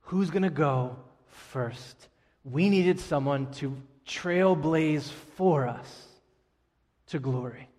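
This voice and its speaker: A man's voice: on the high side, slow pace. Preaching man in a reverberant hall. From Staten Island, New York. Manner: emphatic, drops to quiet on key words. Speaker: pastor. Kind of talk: sermon.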